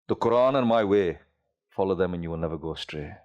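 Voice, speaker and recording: A man's voice: fairly low pitch, fast talker, pauses often, a little mellow. A man giving a sermon to an audience, telling a story and asking rhetorical questions. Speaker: preacher.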